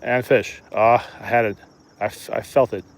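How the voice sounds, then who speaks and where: Relaxed man chatting while fishing. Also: fairly low pitch, normal speed. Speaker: fishing streamer. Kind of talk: casual live-stream commentary. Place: outdoors at a riverbank.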